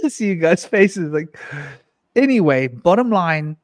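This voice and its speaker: A man's voice: high voice, very animated, takes it slowly, darkish tone, dry recording, studio quality. A middle-aged man on a live panel, telling a rambling personal story, laughing often and acting out what people said. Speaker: panel guest.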